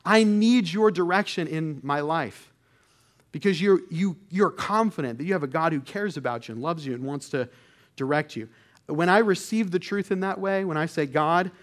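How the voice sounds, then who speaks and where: A male pastor delivers a sermon in an earnest, conversational way. His voice sits a little higher than most men's, and he often restarts his phrases as he works toward a point.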